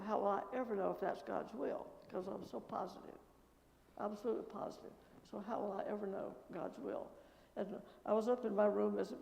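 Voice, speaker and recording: An older woman missionary telling her story in church with lively anecdotes and quoted dialogue, recorded in an echoing church. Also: medium pitch, vocal fry. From American Midwest. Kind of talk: testimony talk at church. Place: church sanctuary. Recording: echoey church with long reverb.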